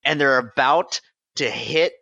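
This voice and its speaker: A man's voice: medium pitch, slow pace, creaky, bright, forceful tone, no echo, highs cut off. A man co-hosting a comedy podcast, eagerly playing along with the improvised bit. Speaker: podcast co-host.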